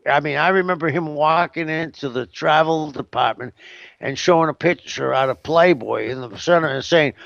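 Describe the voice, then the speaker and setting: A man's voice: on the high side, normal speed, vocal fry, a bit bright, dry recording, highs cut off. A man giving a casual interview as a guest, rambling and hesitant, with lots of "you know what I mean.".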